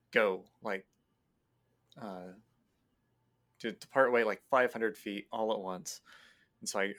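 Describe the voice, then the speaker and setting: A man's voice: lowish voice, fairly bright tone. A man, a player, casually recounting his character's moves in a tabletop game, hesitant and full of restarts. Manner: hesitant, many fillers and restarts.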